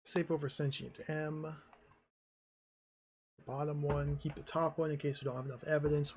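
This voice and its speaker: A man's voice: on the high side, little pitch movement, moderate pace, long pauses, a little mellow, slightly rough. A man streaming a game, musing aloud and trailing off as he plans his next steps. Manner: muses aloud, trailing off, talking to himself. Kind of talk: casual let's-play commentary.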